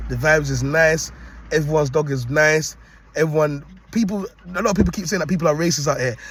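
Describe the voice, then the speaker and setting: A man's voice: a little high, breathy edge. A man talking to camera from a parked car, rambling and preachy, forever calling out to "people" and asking if you get him. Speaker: dog-loving vlogger. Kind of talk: casual rambling monologue.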